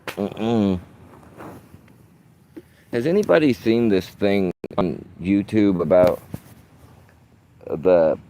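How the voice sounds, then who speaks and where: A man's voice: lowish voice, very slow, pauses often, dark tone, slight background noise. A man talking casually to his phone camera in a park, rambling and swearing with streetwise slang. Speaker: vlogger.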